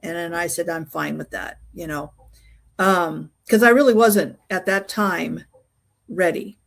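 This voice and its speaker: A woman's voice: lowish voice, unhurried, creaky, fairly bright tone. A middle-aged woman, a guest in an interview, telling a personal story in a casual, rambling way with many fillers and restarts.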